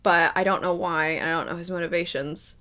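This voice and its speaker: A woman's voice: on the low side, fairly even intonation, brisk, bright, forceful tone. A woman giving casual reaction commentary as a first-time viewer, laughing often and mimicking characters in mock voices.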